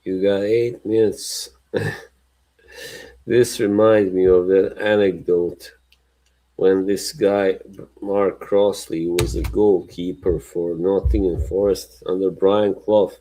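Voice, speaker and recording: A man's voice: sits low, little pitch movement, slow pace, warm tone, low-quality recording. A man hosting a livestream in casual chat, rambling and laughing often between remarks. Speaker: livestream host.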